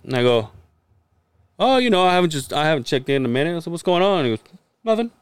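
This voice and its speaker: A man's voice: on the high side, fast, smooth, no echo. A man co-hosting a casual podcast, telling family stories with lots of laughing, swearing and acted-out quotes. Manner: animated storytelling, acts out family quotes, swears, laughs often. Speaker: podcast co-host. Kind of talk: casual chat.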